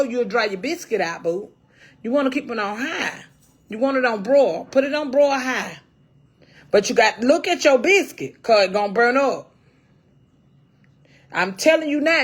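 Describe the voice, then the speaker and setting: A middle-aged woman hosting a casual cooking livestream, folksy and salty, calling her viewers baby and honey. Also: high voice.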